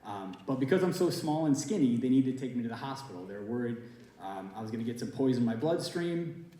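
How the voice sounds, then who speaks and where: A man's voice: mid-range voice, lively intonation, fast, dark tone. A man of about forty, a teacher, telling a personal story at a school event in a casual, conversational way with lots of fillers. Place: school auditorium or hall. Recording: very echoey hall.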